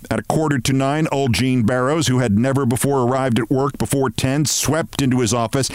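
A man hosting a show, reading a short story aloud in an expressive, measured way. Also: medium pitch, no room sound.

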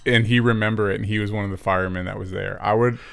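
Gravelly low-voiced man hosting. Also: steady tone, fast. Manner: playful, eggs on the guest. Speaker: podcast co-host. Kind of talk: casual chat.

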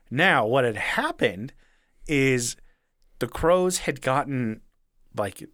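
A man's voice: mid-range voice, fairly bright tone, no echo, studio quality. A man telling a rambling story in casual chat, chuckling now and then and swearing freely.

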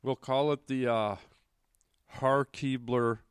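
A man's voice: mid-range voice, steady tone, slow, clean tone, dry recording, studio quality. A man co-hosting a podcast with casual, jokey banter full of puns and wordplay, recorded in a large empty hotel conference room. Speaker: podcast co-host.

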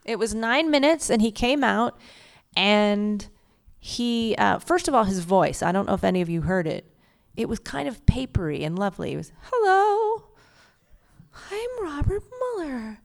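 A woman's voice: mid-range voice, lively intonation, normal speed, vocal fry. A woman co-hosting a comedy podcast in front of a live audience, chatting casually and profanely and slipping into silly voices. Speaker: podcast co-host.

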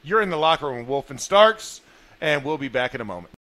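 Jokey excitable guy hosting sports radio, bright voice. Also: mid-range voice, fast. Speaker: radio sports show host. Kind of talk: casual sports radio chat.

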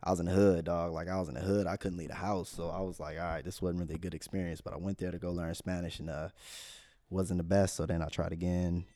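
An American man telling travel stories in a relaxed, slangy casual chat. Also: low-pitched, fast talker, no room sound, studio quality. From United States.

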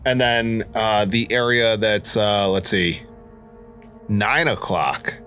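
A man with a lowish voice plays a tabletop game in an easy, joking manner. He tosses out offhand quips between questions. Faint music sits quietly behind him. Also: slow. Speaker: player. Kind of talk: casual tabletop game chat.

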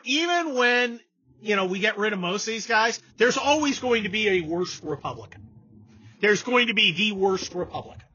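A man talking through a casual political chat, his voice husky and bright, his pitch swinging widely as he rants and mocks. The recording sounds dull and lo-fi. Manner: sarcastic, animated, mocking impressions. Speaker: podcast host.

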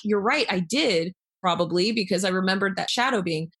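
Woman guest, casual storyteller, middle pitch, acts out the quotes, chatty. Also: quick pace. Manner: animated, acts out quoted lines, many fillers. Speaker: guest telling a personal story.

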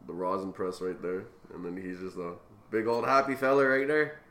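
A man's voice: deep voice, fairly even intonation, normal speed, a bit bright, roomy sound, a little hiss or hum. A man co-hosting a casual smoking livestream from a garage, loose and joking, swearing freely. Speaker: co-host of a smoking stream.

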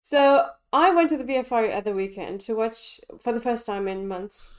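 A woman co-hosting a casual podcast, reviewing a film with animated enthusiasm and frequent restarts. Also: on the high side, normal speed. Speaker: podcast co-host reviewing films. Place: London.

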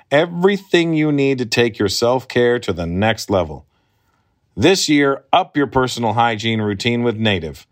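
Male host, mid-pitch, ad read, upbeat and steady. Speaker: podcast host reading an ad.

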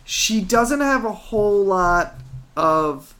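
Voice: medium pitch, expressive, slow pace, a bit bright. A podcast co-host chatting casually, swearing freely and rambling from point to point. Frequent ums and restarts fill the gaps. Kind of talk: casual chat.

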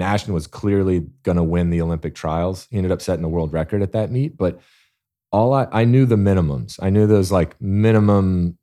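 A man's voice: low voice, warm tone. A man, a former Olympic athlete, talking as a guest in a casual interview, telling his story earnestly.

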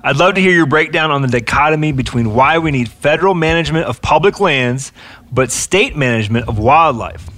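A man co-hosting a podcast, reading and paraphrasing listener questions in a plain, measured way. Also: a little high, expressive, a bit bright. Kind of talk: casual podcast talk.

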